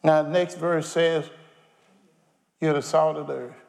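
A man's voice: a little high, fairly even intonation, a little slow, vocal fry, a little mellow. A man preaching a sermon, firing questions at his congregation. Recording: long hall reverb.

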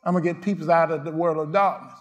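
A man preaching a fiery sermon, repeating short declarations and swinging from loud cries to hushed murmurs. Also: a little high, steady tone, fast talker. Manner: repetitive declarations and cadences.

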